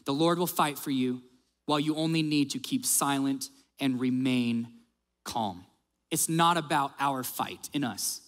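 A male pastor preaching a sermon, telling stories in a lively way and acting out the quotes. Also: mid-range voice, a little slow, big-room sound. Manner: animated storyteller, acts out quotes.

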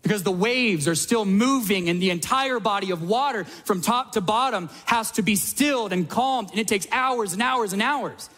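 A man in his thirties delivers a sermon in a fairly high voice. He tells everyday stories with energy and acts out quick asides as he goes. The sound carries a long reverb, as from a large church hall. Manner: energetic storytelling with acted-out asides. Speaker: pastor.

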